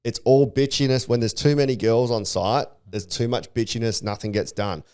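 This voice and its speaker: A man's voice: mid-range voice, fairly even intonation, moderate pace, darkish tone, clear, resonant tone. A man co-hosting a podcast, talking bluntly in casual chat and swearing often as he rants. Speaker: podcast co-host.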